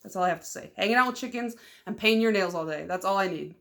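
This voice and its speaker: Talking very fast in a gravelly, mid-range voice, this young nail polish vlogger from Michigan keeps up a chatty, rambling vlog full of "like" fillers. She comes across as loud and excitable, laughing often.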